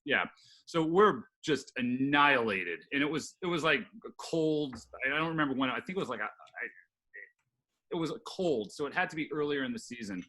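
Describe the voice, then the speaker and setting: Bright, animated storytelling man. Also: mid-range voice, normal speed. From New York. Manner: animated, acts out the voices in his stories. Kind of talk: casual chat, storytelling.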